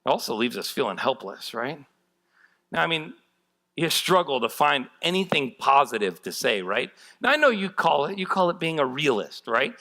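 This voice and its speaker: Middle-aged male pastor, sermon, bright forceful tone, candid and self-deprecating. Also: medium pitch, sing-song, normal speed.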